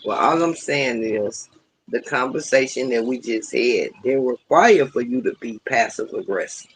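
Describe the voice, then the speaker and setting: A man's voice: mid-range voice, expressive, measured pace, a bit bright, husky. A man in a casual chat, questioning and pushing back on his co-host.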